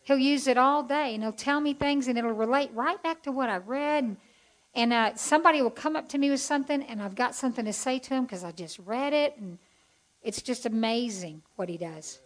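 Speaking briskly at a fairly high pitch, a Bible teacher shares a chatty, heartfelt testimony with a group. Her folksy delivery includes asides to the audience, and the recording quality is low.

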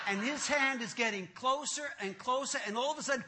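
A man telling a comic personal testimony in an animated, self-mocking way, often laughing at himself. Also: extremely high pitch, quick pace, hardly any pauses.

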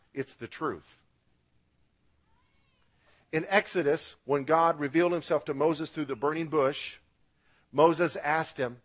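A man's voice: a little high, a bit bright. A man preaching a radio sermon as pastor, with emphatic rises and drops, asking the congregation to repeat words after him.

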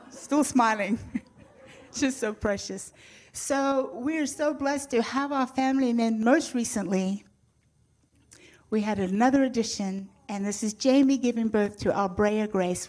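A woman's voice: on the high side, darkish tone. An older woman sharing a personal faith testimony with a church audience, heartfelt and earnest with light touches of humor.

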